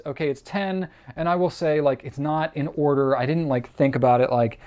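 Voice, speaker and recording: A man's voice: a little high, steady tone, normal speed, hardly any pauses, a little mellow, clear, resonant tone. A man in his thirties hosting a viewer Q&A, chatting casually in a rambling, self-deprecating way with lots of fillers. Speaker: host answering viewer questions. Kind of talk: casual chat to camera.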